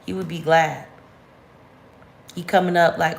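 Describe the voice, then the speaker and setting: Vlogging woman, slightly low voice, candid and slangy, echoey room. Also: a little slow, creaky, pauses often. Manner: candid, animated, slangy, rising sharply when venting. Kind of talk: casual storytime chat to camera.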